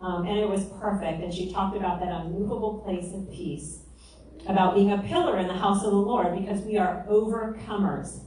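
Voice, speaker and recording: A woman's voice: mid-range voice, fairly even intonation, normal speed, dark tone. A middle-aged woman giving an earnest, emotional faith testimony to a mothers' group. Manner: earnest and emotional, acting out her own cries. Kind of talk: testimony sermon. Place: large echoey room. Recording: roomy hall, voice from far off, faint noise.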